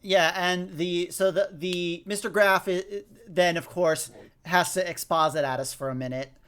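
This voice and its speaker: Man, higher voice, casual movie chat, animated retelling. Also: moderate pace, clean tone. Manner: animated, acts out movie lines. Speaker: podcast co-host.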